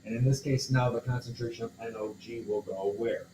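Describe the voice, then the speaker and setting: A man's voice: medium pitch, steady tone, fairly quick. A man teacher walks through a chemistry homework problem, thinking aloud and checking in with his students as he goes. His voice sits in a plain middle register. The room is echoey, with a faint hum behind him. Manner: talks through steps aloud, checks in with listeners. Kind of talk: homework walkthrough lesson.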